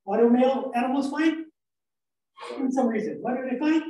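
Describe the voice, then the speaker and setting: A man's voice: extremely high pitch, fairly quick, mellow. A man giving a playful, rambling classroom lecture, quizzing his listeners and telling jokes. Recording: echoey room, mic far off.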